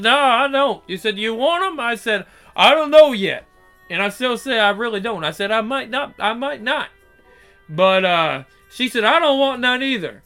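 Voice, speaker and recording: A man's voice: sits high, bright, forceful tone. A young man telling workplace stories casually, swearing freely and acting out what each person said. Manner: profane, acts out quoted dialogue. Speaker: storyteller. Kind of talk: casual storytelling.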